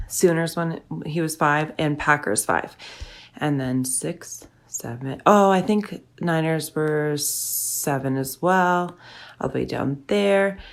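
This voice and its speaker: A woman radio host at home in her son's bedroom, chatting casually and then reading a children's picture book aloud in a rambling, friendly way. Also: deep voice. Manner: chatty and rambling, slows down to read. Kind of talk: chatty storybook read-aloud. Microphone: phone or camera set up in front of her. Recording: roomy bedroom sound.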